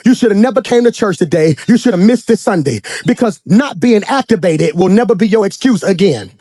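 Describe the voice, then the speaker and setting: A man preaching a sermon as pastor, swinging from shouted high points to low, quiet asides and acting out characters. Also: lively intonation, dry recording. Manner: acts out characters in quick dramatic voices.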